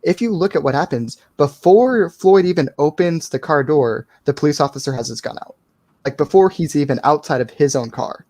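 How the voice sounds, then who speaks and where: Measured man, dry close sound. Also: on the high side, a little mellow, dry recording. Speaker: panelist. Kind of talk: casual live panel talk.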